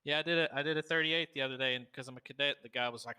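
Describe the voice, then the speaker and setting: A man's voice: mid-range voice, rapid-fire, bright, forceful tone, clean tone. A man playing a police cadet in a role-play game, telling anecdotes over voice chat and acting out the dialogue he quotes. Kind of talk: storytelling in voice chat.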